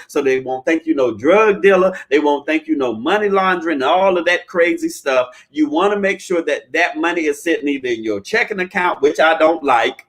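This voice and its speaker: A man giving home-buying and credit advice in a folksy, preachy way, often checking in with "all right?" and sometimes breaking into loud chanting. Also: fairly high pitch. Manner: animated, bursts into loud chanting. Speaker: credit repair advisor. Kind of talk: live-streamed advice talk.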